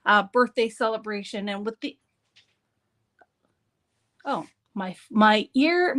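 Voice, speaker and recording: A woman's voice: a little high, fairly bright tone. A woman hosting a live papercraft demonstration, talking in a chatty, upbeat way and often breaking off mid-sentence. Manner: chatty, upbeat, self-interrupting.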